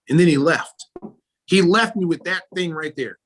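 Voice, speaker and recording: A middle-aged American man, a former basketball player turned announcer, telling stories in a casual interview and acting out the people in them. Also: moderate pace. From United States. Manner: animated storyteller, acts out quoted people with jumps in pitch and loudness.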